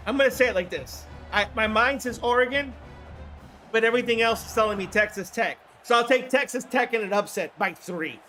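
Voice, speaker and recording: A hoarse man with a fairly high voice calls the action of a game on his livestream, chatty and excitable, now and then swearing. He talks over faint background music. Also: brisk. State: hoarse throat. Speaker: livestream host. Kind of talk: casual play-by-play game commentary.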